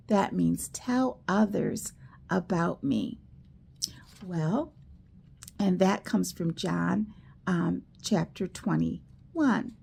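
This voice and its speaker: A woman teaching a children's church school lesson, telling stories slowly and acting out the quoted lines. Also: mid-range voice, gravelly, husky. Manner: slow, animated storytelling with quoted voices. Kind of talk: children's Bible lesson storytelling.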